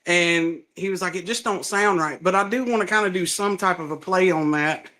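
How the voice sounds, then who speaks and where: Southern male comic, high and bright, lively anecdotes with acted-out quotes. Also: normal speed. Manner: animated storytelling, laughs often, acts out quotes. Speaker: stand-up comedian, guest. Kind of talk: casual chat.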